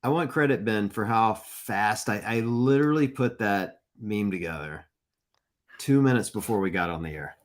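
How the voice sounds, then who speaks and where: A man from Mississippi co-hosting a live podcast, chatting casually, joking and quick to laugh. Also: lowish voice. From Mississippi, USA. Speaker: podcast co-host.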